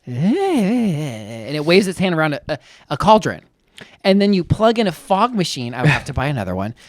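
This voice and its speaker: A man co-hosting a podcast in casual chat, playful and teasing, quick to joke. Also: on the high side, sing-song, dry recording, studio quality. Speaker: podcast co-host.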